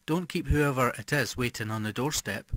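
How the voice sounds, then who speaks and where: Male reader doing a composed, icy housewife: prim and unhurried, audiobook, dry recording. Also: medium pitch, fairly bright tone, dry recording, natural voice. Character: calm, cold middle-aged wife who poisons.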